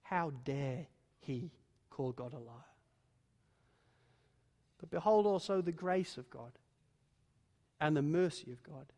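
A male preacher with a notably high voice, delivering a dramatic sermon. He swings from hushed, near-whispered asides to loud, rising peaks. The sound carries a long hall reverb. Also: lively intonation, slow pace, long pauses, dull audio.

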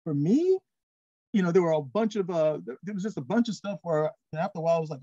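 A man co-hosting a casual film review show, talking in an animated, rambling way with lots of restarts. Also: fairly high pitch, quick pace, no room sound, muffled recording. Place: TV studio.

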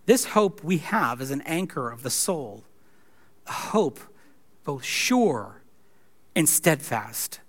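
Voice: medium pitch, very animated, slow, long pauses. A pastor preaching a sermon in a conversational way, with wry asides.

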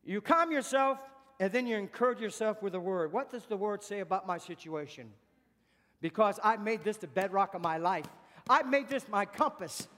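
A man delivers an emphatic sermon in a notably high voice. He repeats his questions for force and slips into quiet spoken praise. The sound carries a long hall reverb. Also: expressive, normal speed. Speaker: preacher.

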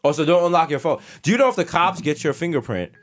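Man, podcast co-host, fast, profane casual riffing. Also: a little high, lively intonation. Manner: loose, profane riffing with acted-out scenarios. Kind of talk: casual chat.

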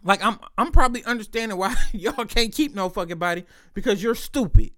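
Man, casual profane storyteller, a touch high-pitched, very dry close sound; rambling delivery. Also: animated, a little fast, pushed and bright, no room sound. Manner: profane, rambling, laughs between lines.

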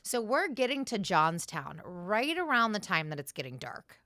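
Animated swearing woman podcast host. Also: mid-range voice, moderate pace, no room sound, studio quality. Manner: animated storyteller, swears, teasing. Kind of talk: casual chat.

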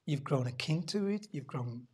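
Brief: patient pleading God figure, low and hushed, put on by a woman preacher. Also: expressive, normal speed, husky.

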